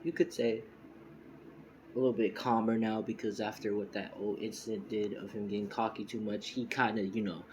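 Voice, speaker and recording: A man's voice: on the low side, flat delivery, moderate pace, noisy background. A man casually making up a fan story as he goes, rambling and correcting himself, with a lot of fillers. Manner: rambling, heavy use of "you know" and "you could say"; self-correcting, loose and informal.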